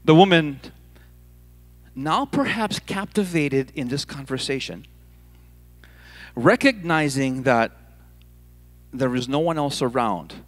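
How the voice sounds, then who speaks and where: Speaking slowly and pausing often, this Hawaiian pastor has a fairly high-pitched voice. He preaches from a church stage, telling the story in an animated, playful manner and circling back to repeat words.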